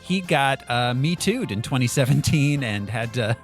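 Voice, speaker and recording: A man's voice: medium pitch, animated, moderate pace, soft background music. A man hosting a casual podcast chat, laughing often as he runs the segments. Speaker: podcast host.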